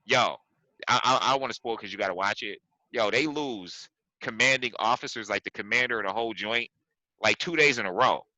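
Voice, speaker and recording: A man hosting a podcast, casually chatting about movies, animated and laughing, often repeating himself. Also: lowish voice, a little fast, dry recording, muffled recording. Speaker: podcast host.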